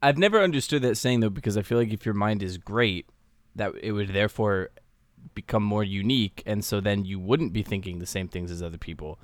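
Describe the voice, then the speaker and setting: A man co-hosting a casual podcast, talking in a deadpan way and picking apart everyday sayings. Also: on the low side, fairly quick, no echo. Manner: deadpan, over-reasons small things. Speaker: podcast co-host. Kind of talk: casual chat.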